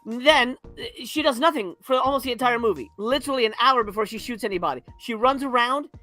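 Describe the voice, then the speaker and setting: A man's voice: extremely high pitch, quick pace, sharp tone, faint music behind. A man on a movie review panel, talking in a crude, sarcastic, rambling way and laughing often. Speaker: podcast panelist. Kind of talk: casual movie review chat.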